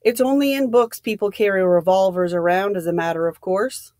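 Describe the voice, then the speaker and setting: A woman voicing a middle-aged former police inspector who trusts no one. He speaks bluntly and gruffly, all suspicion. The sound is dry and close. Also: medium pitch, a little fast, mellow, no room sound, close to an everyday voice. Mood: suspicious.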